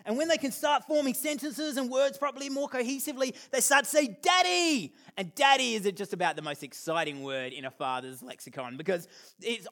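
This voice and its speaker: Speaking to an audience, an Australian man in his thirties, whose voice sits high for a man, tells animated stories full of self-deprecating humour. He acts out the lines of the people in his stories.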